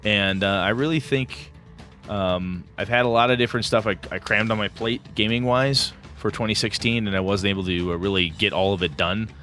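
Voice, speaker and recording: A man co-hosting a casual podcast chat, excitable and rambling, with many fillers and restarts. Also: lowish voice, a little fast, soft background music. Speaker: podcast co-host.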